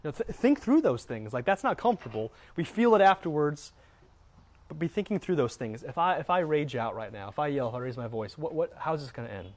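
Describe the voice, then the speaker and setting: A man's voice: on the high side, big pitch swings, a little fast. Earnest man teaching on faith. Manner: earnest, repeats words often. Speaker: Christian teacher.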